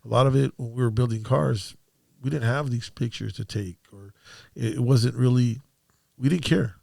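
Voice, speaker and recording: A man hosting a podcast in casual conversation, easygoing and quick to agree. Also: medium pitch, vocal fry, mellow, dry recording, clean studio sound. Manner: easygoing, frequent agreeing interjections. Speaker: podcast host.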